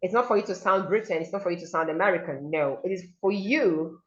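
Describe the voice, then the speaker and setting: A woman with a Nigerian accent teaching diction in an online seminar, slowly modeling example sentences aloud over a video call. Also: lowish voice. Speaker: diction coach. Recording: dull lo-fi call audio.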